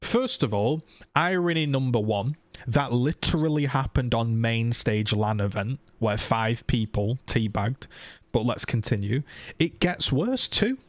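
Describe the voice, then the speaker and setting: A man's voice: medium pitch, measured pace, no room sound. Man ranting heatedly on a stream. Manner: heated, swearing, rhetorical questions. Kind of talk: casual live-stream rant.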